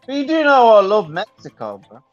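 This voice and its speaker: An Englishman with a high, bouncy voice that jumps all over. He laughs and swears his way through stream banter and sounds tipsy and half asleep. Faint music plays behind him. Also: huge pitch swings, fairly quick, no room sound, dull audio. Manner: laughing, profane, playful. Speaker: stream guest. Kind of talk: casual live stream banter.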